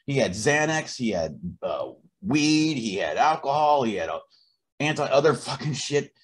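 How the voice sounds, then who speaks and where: A man's voice: mid-range voice, very animated, normal speed. A man co-hosting a podcast in casual chat, profane and restarting his words as he builds his point. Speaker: podcast co-host.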